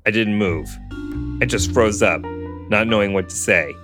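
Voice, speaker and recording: A man reading a novel aloud in steady first-person narration, with dry asides to a co-host. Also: on the low side, moderate pace. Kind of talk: storybook reading with casual commentary. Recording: guitar music under the voice.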